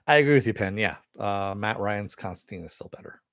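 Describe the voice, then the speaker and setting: A man's voice: lowish voice, expressive, fairly quick, fairly bright tone, dry recording, studio quality. An American man hosting a casual live stream, rambling and reading viewer comments aloud. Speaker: host.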